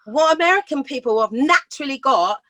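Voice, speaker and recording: A British woman in her fifties, a singer telling rambling, lively stories in a casual interview and laughing often. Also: high voice, fairly quick, no echo. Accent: British English. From Britain. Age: 50s. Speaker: singer guest. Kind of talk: casual storytelling chat.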